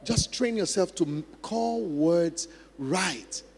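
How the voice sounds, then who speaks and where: A man's voice: high-pitched, animated, takes it slowly, a little hiss or hum. A man preaching a sermon as pastor, emphatic, repeating key phrases and acting out practice drills. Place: large church hall. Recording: long hall reverb.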